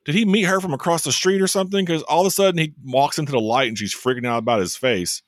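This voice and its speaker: A man co-hosting a casual chat, talking in a joking, wry way with quick asides. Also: on the high side, no room sound, clean studio sound. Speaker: podcast co-host.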